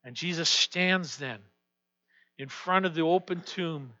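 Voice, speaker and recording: A man preaching a sermon as pastor, swinging from hushed, quiet passages to loud, emphatic declarations. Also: fairly high pitch, a little slow. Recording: dull lo-fi sound with long hall reverb.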